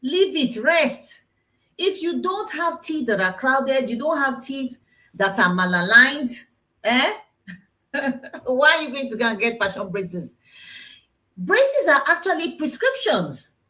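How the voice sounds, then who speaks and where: A woman's voice: sits high, very animated, slow, pushed and bright. A Nigerian woman dentist hosting a live-streamed health talk, chatty and teasing, who repeats her key points for emphasis. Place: dental clinic.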